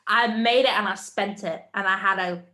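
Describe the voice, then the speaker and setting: Young woman guest on a podcast, animated, laughs a lot, mid voice. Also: mid-range voice, fairly quick. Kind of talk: casual chat.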